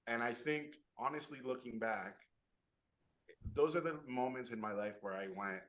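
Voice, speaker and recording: A man from Mexico tells an animated story about his early days as an artist. His voice is bright, and he throws himself into the voices of the people he quotes in this casual talk. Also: medium pitch, normal speed, low-quality recording.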